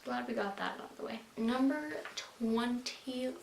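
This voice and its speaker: A woman's voice: a little high, normal speed, creaky. A young woman vlogger chatting casually to camera, bubbly and talkative, often filling her sentences with "like". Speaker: beauty vlogger. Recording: roomy with faint hiss.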